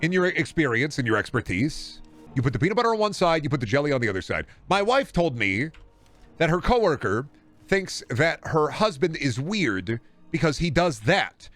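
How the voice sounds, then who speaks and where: A young adult man streaming a game, ranting to chat in a profane, animated way and slipping into comic voices. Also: on the high side, moderate pace, no room sound, faint music behind. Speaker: gaming streamer. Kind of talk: casual rant to stream chat.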